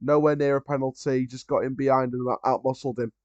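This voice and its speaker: A man talking loosely through a live football watchalong, giving opinions as the game goes on. His voice sits in a middle pitch, and the recording is dry and slightly dull, like a modest home mic with no room sound. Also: steady tone, fast, darkish tone, no room sound. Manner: casual, chatty, opinionated, frequent ums and restarts. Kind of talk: live match watchalong commentary.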